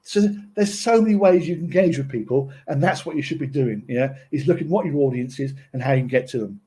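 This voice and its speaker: A man's voice: mid-range voice, fast talker, mellow, husky. A man presenting a casual tutorial, chatty and often checking in with his listeners.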